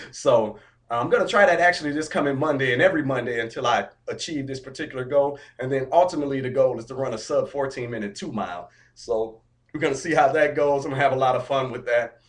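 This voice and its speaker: A man's voice: medium pitch, fast talker. Upbeat motivational man telling a story. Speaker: vlogger. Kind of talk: casual vlog update.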